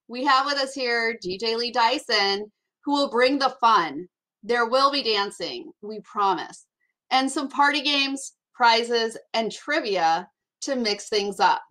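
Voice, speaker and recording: A woman with a bright, high voice announces the end of a conference. Her delivery is upbeat and clearly scripted, with a sharp, forward tone. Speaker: conference host. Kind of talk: event announcement.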